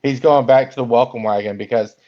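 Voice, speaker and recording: A man's voice: medium pitch, fairly even intonation, brisk. A man with a mid-range voice chimes in to set a movie's plot straight, in easy, casual talk. The sound is dull and lo-fi. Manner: corrects and fills in plot details. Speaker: podcast co-host. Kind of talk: casual movie recap chat.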